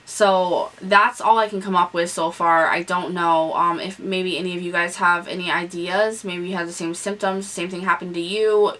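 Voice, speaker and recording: A woman's voice: fairly low pitch, sharp tone, recorded from a distance, rough recording. A young woman vlogging a candid, chatty pregnancy update, with lots of ums and restarts. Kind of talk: casual pregnancy update vlog. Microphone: camera on a stand nearby.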